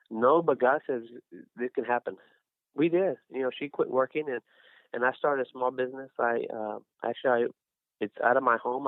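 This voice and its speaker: A man's voice: medium pitch, no echo. A middle-aged man sharing a casual faith testimony, rambling with many restarts and fillers. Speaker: guest, small business owner. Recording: dry, tinny phone-like sound.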